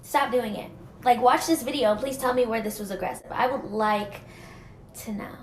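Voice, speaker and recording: A woman's voice: a little high, moderate pace, echoey room, slight background noise. A woman speaking indignantly and pleadingly in a social media video.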